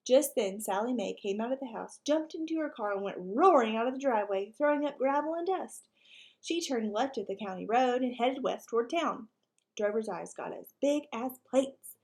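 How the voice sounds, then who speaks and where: A woman reading a children's book aloud with lively, expressive storytelling. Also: a little high, moderate pace. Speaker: reader.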